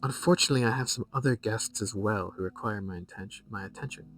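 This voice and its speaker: A man's voice: lowish voice, quick pace, a bit bright, far from the mic, faint music behind, close to an everyday voice. A man voicing a scheming, haughty queen mother who speaks breezily and cuttingly. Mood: imperious.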